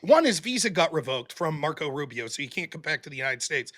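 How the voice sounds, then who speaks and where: A man co-hosting a casual political commentary show, heated and animated. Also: a little high, fast. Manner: animated and heated, acting out quoted voices. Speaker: co-host.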